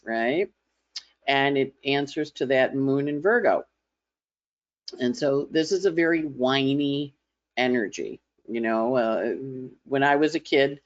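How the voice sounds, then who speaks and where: A woman astrologer giving a casual weekly forecast, talking in a chatty, conversational way and slipping into playful voices as she imitates others. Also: very deep voice. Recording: slightly dull lo-fi audio.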